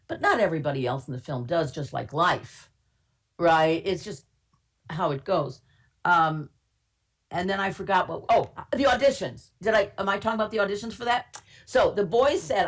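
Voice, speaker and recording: An older woman from Minnesota, a casting director, tells her stories in a rather low voice. She talks in a chatty, candid way, with wry humor and plenty of fillers, over a video call. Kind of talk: webinar interview, anecdotal storytelling.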